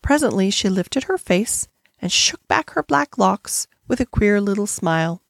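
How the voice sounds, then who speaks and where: A woman narrating a classic novel as an audiobook reader, with measured, expressive storytelling. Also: medium pitch, creaky, no echo, clean studio sound. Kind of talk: reading a classic novel aloud.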